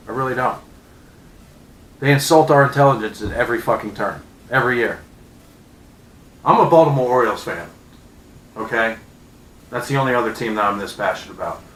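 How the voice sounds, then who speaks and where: A man in his thirties ranting angrily as a sports fan, profane and sarcastic, with loud outbursts. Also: medium pitch, lively intonation, a little fast, long pauses, echoey room, a little hiss or hum, poor audio. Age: 30s. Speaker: vlogger. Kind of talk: angry sports fan rant.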